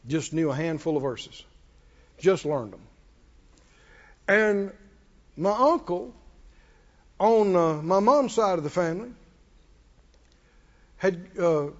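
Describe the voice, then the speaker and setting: A man's voice: fairly high pitch, a little mellow. An older man preaching a sermon, telling a story with passion and calling out to the congregation. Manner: impassioned storytelling preacher, call-and-response. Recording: echoey hall, dull muffled sound.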